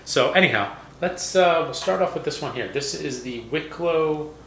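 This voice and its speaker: Male co-host, casual tasting banter, reads labels haltingly, roomy echo, faint hiss. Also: on the high side, expressive, creaky, a bit bright. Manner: jokey, halting, reads aloud slowly. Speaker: whiskey review co-host. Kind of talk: casual tasting chat, reading product notes. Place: home room.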